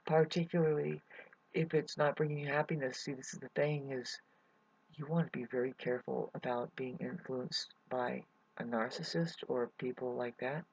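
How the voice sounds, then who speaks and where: Hesitant gravelly-voiced man, rambling. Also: medium pitch, steady tone, normal speed, a little mellow. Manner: hesitant, full of fillers and restarts. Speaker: vlogger. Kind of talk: rambling personal update. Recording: dull lo-fi recording.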